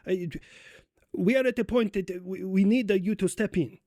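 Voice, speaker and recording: A desperate Cuban leader, as a man plays him in a comedy bit, stammering and begging. The voice sits a little high for a man. The sound is dry and close. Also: normal speed, darkish tone, no echo. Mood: pleading. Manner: stammering, pleading. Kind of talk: comedic country role-play.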